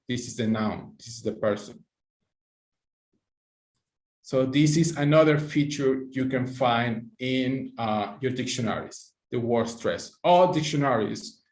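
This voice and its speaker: Male teacher running a live online pronunciation lesson, mid-pitched, encouraging, echoey room. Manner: encouraging, praises students by name, non-native phrasing.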